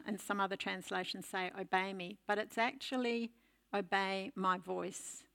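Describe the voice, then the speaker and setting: Older woman, pastor type, bright tone, emphatic storyteller in the pulpit. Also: medium pitch. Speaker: preacher. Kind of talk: sermon.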